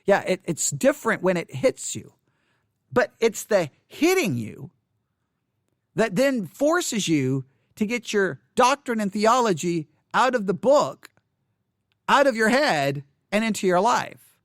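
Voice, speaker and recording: Frustrated high-voiced man ranting. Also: very animated, slow, no echo, clean studio sound. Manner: frustrated, ranting, repeats himself. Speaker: Bible teacher. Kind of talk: unscripted video monologue.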